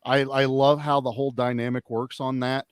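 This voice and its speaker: A man's voice: medium pitch, flat delivery, normal speed, clean tone, no room sound, studio quality. A man guesting on a casual podcast chat, talking enthusiastically and swearing freely.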